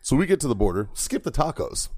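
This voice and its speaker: A man's voice: medium pitch, sing-song, quick pace, dark tone, no room sound. Laughing, profane man telling a wild story. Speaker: podcast host. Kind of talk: casual storytelling with friends.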